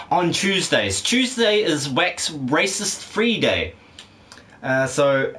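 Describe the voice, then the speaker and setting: A man's voice: medium pitch, very animated, slow, a bit bright. A man streaming a video game who chats casually with his viewers, rambling, joking, swearing and laughing often. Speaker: game streamer reading chat. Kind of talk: casual live-stream chat.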